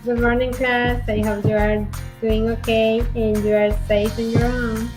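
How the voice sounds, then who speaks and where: A woman from Honduras with a Honduran Spanish accent, teaching an online English lesson with slow, clear speech and playful acted examples. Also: on the high side, little pitch movement, music in the background, poor audio.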